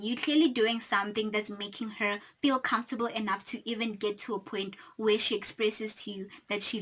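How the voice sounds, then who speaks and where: Bright-voiced South African woman. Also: medium pitch. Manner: animated, dramatic retelling with acted-out quotes and laughter. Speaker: YouTuber. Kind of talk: storytime vlog.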